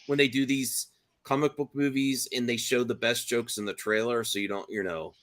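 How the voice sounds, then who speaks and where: A man's voice: mid-range voice, fairly even intonation, moderate pace, a bit bright. A man hosting a casual livestream chat with friends, rambling, restarting often and laughing a lot. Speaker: stream host.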